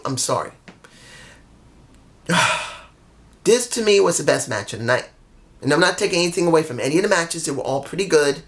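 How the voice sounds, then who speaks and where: A tired vlogger recapping a wrestling show to camera, blunt and emphatic, swearing freely. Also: medium pitch.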